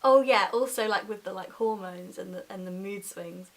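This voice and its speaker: A woman's voice: medium pitch, normal speed. A pregnant woman in her twenties chatting casually in a vlog update, giggling often and filling with "like", sometimes short of breath. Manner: chatty, giggly, lots of "like" fillers. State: pregnant, gets out of breath talking. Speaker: vlogger.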